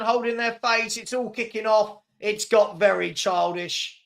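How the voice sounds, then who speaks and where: A man's voice: sits high, fairly even intonation, unhurried, creaky, a bit bright. A man hosting a live football watchalong, reacting to the match and answering viewers' chat with frequent chuckles. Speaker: host of a football fan watchalong.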